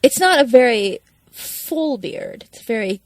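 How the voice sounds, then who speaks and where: A woman co-hosting a podcast, chatting casually with quick asides. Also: on the high side, lively intonation, no echo. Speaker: podcast co-host.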